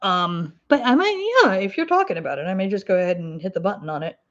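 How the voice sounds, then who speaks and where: A woman's voice: mid-range voice, expressive, quick pace, fairly bright tone, highs cut off. A woman with an Ozark twang hosting a crafting livestream, chatting casually with viewers in a rambling way and laughing often. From Ozark Mountains, US. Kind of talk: casual livestream chat answering viewer comments.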